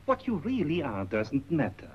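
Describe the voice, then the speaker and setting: An actor playing a smooth, ingratiating bazaar owner who talks softly and courteously, in 1930s film acting. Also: male voice, on the high side, huge pitch swings, moderate pace, heavily acted. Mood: coaxing. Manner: soft, coaxing, courteous. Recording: dull 1930s film soundtrack with faint hiss.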